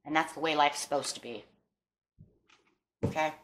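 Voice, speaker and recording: A woman's voice: low voice, fairly even intonation, moderate pace, a bit bright, a little hiss or hum. A woman giving a casual tarot reading to her viewers, chatty and encouraging, often checking in with "okay?" and "you know". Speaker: tarot reader.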